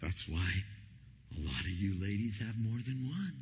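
A man preaching a sermon as pastor, telling stories and acting out the quotes with lively energy. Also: lowish voice, moderate pace, slight background noise. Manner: animated storytelling, acting out quotes. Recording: lo-fi recording in a reverberant hall.

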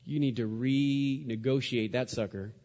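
A man preaching a sermon, dramatic, dropping to a hush and then rising loud. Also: mid-range voice, steady tone, unhurried, long reverb tail, highs cut off. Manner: dramatic, swings from hushed to loud.

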